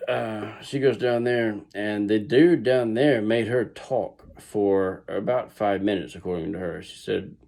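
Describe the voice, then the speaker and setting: A man's voice: fairly low pitch, creaky, warm tone. A middle-aged man with a Southern US accent tells a story casually, rambling with restarts and asides. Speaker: vlogger.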